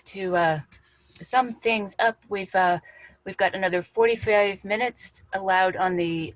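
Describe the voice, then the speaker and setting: A woman's voice: medium pitch, a little slow, dry recording, poor audio. A woman on staff at a school, hosting a reunion video call in an organized way with a light, dry humor. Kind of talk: meeting facilitation.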